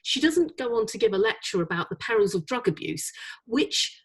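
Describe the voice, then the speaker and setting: A middle-aged woman chairing an advertising awards jury, answering interview questions in a lively, chatty way with many fillers. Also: a little high, moderate pace, slightly rough. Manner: animated, many fillers, laughs easily.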